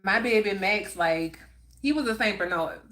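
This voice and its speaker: Here a middle-aged livestream host talks casually with her audience, reading their comments aloud and laughing frequently. She speaks at a medium pitch with lively intonation and a slightly bright quality, her chatty delivery slow and drawn out.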